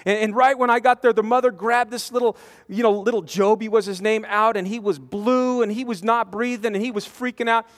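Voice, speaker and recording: A man preaching a storytelling sermon, animated, with stammering restarts, swinging from loud to hushed. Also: high-pitched, fairly quick. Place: large conference hall. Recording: long reverb of a conference hall.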